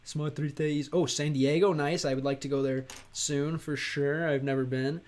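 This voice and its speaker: An American man from Chicago chatting casually on a livestream, rambling and halting, with many fillers and restarts. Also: a little high, fairly even intonation. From Chicago, USA. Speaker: streamer and language learner.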